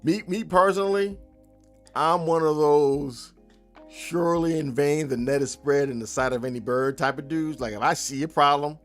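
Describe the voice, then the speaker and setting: A man's voice: on the high side, normal speed, soft background music. A man chatting casually on a live dev stream, reading and answering chat in a loose, joking way and laughing often. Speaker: game developer streamer.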